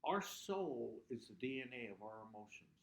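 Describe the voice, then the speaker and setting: As a guest speaker in a club's meeting room, a man gives an earnest motivational talk punctuated by sudden emphatic bursts. His medium-pitched voice is gravelly, a bit bright and sing-song at a moderate pace, and the room sounds echoey.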